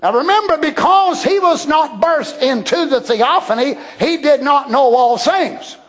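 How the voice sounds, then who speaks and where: A man preaching a sermon with passion, dropping to a hush and then rising to shouts. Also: very high voice, animated, a little slow. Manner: impassioned, swinging between hushed and shouted.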